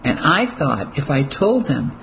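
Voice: medium pitch, very animated, measured pace, creaky, a bit bright, a little hiss or hum, full character voice, low-quality recording. Reader plays cold snobbish old gent, audiobook. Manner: perplexed, cold. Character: snobbish older male aristocrat, traitor.

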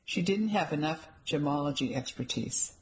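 A woman's voice: low-pitched, lively intonation, moderate pace, low-quality recording. Woman reading as an indignant, gossipy shop owner who plows ahead, audiobook dialogue.

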